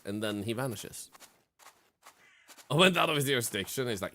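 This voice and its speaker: A man streaming a game, giving an excitable, jokey running commentary with frequent swearing. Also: mid-range voice, moderate pace. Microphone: streaming mic.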